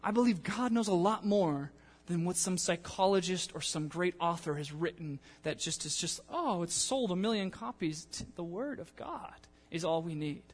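A young man preaching a sermon in a church in a casual, animated way, acting out the people he quotes. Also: high voice, normal speed. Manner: animated, conversational, acts out quotes. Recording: long church-hall reverb.

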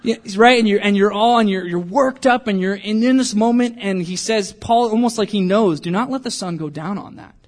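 High-voiced man preaching a casual sermon. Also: a little fast, hardly any pauses. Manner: conversational and self-deprecating, jokes with the congregation. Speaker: pastor.

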